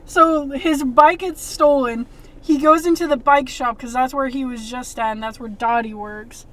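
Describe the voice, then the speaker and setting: A woman co-hosting a casual movie review podcast, talking in a chatty, animated way full of "like". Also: high-pitched, normal speed. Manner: chatty, animated, lots of "like" fillers. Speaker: podcast co-host.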